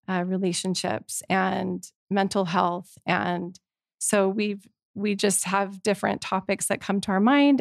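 Woman, informal and hesitant, gravelly fry, dry mic. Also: mid-range voice, dry recording. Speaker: blog co-author. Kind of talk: casual explanation.

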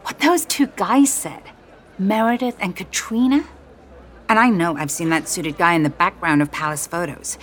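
A woman's voice: lowish voice, moderate pace, a bit bright, lightly acted. A woman narrator voicing an eager, chatty young woman who is romantic and stubborn. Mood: curious.

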